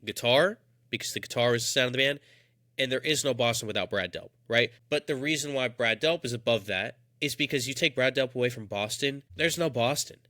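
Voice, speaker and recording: A man's voice: medium pitch, a little fast, pushed and bright, no room sound, studio quality. A young man co-hosting a podcast, talking in a casual, enthusiastic, rambling way. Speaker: podcast co-host. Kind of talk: casual chat.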